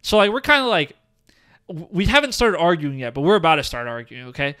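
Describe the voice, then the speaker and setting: A man's voice: a little high, fairly quick, clear, resonant tone. A young man, a podcast co-host, telling a story in casual chat, full of "like" and "bro". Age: young adult. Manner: animated storytelling, heavy use of "like" and "bro". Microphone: studio podcast mic, seated.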